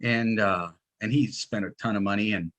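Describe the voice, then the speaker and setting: A man, a guest in an interview, telling his story with lively quoted dialogue. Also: on the low side, normal speed. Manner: animated storyteller, acts out quotes. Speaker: guest, online seller.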